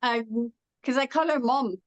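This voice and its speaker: A woman's voice: fairly high pitch, unhurried, dry recording. A woman from California who speaks with a British-sounding accent, chatting casually as an interview guest and telling stories carefully. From Los Angeles, California. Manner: speaks with a foreign-sounding accent from a speech condition, often described as British. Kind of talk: casual conversation.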